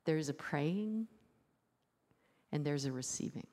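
A woman pastor preaching a casual, conversational sermon, her voice sitting low for a woman. She keeps asking the room rhetorical questions. The church sound carries a long, echoing reverb. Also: unhurried. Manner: lively, many rhetorical questions, quiet guided breathing.

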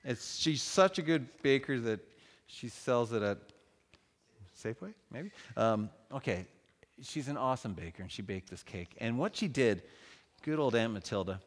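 Man, church event speaker, humorous talk on faith, very expressive intonation, long hall reverb. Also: mid-range voice. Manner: animated, joking, conversational.

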